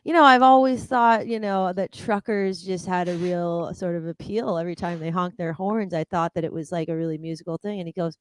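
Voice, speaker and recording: A young adult woman co-hosting a casual comedic chat, playfully riffing and dropping into low mock voices. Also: fairly even intonation, fairly quick, hardly any pauses, clear, resonant tone, rough recording. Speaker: co-host.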